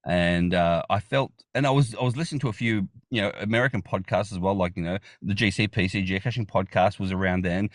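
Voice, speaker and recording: A man's voice: low-pitched, fast, few pauses, dry recording, clean studio sound. A man with an Australian accent, a guest chatting casually in an interview, rambling, repeating words and laughing often. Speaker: podcast guest.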